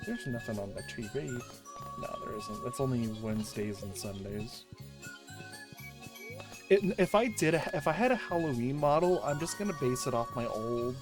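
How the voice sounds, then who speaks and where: A woman streamer chatting casually on a livestream, gushing and excitable, often restarting her sentences. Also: extremely low pitch, moderate pace, music in the background.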